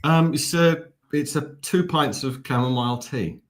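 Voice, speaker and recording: A man joining a fan stream as a guest on a call, joking in a deadpan way. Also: medium pitch, measured pace, background noise. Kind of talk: casual chat.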